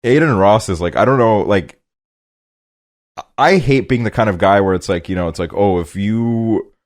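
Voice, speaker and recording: A man with a somewhat low voice chats casually on a podcast. He rambles, strings thoughts together with constant fillers, and swears freely as he talks. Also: moderate pace. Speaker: podcast host. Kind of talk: casual chat. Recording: quieter guest mic issue noted.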